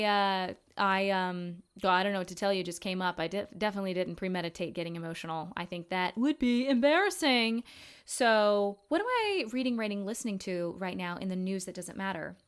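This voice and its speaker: A woman in her twenties hosting a casual podcast, talking frankly and profanely, rambling with quick asides and self-corrections. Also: mid-range voice, clean tone. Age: 20s. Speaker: podcast host. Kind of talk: casual chat.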